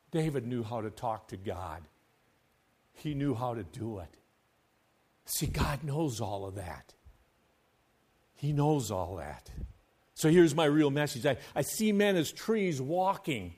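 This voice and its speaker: A pastor preaches to his church, moving between hushed, quiet stretches and loud, fervent passages, and he chants scripture in a sing-song cadence. His mid-range voice is expressive and slow, with frequent pauses.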